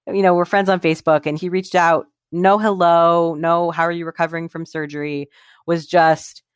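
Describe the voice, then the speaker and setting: Earnest, animated interview guest. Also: medium pitch, moderate pace, clear, resonant tone, no room sound, studio quality. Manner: earnest, animated when quoting others. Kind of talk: conversational interview storytelling.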